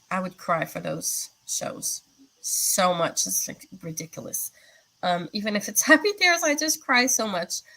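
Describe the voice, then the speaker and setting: A woman hosts a live stream, chatting casually with viewers and answering their comments as she rambles along with plenty of fillers. Her mid-range voice is slow, bright, and forceful, with vocal fry, and the recording is low quality.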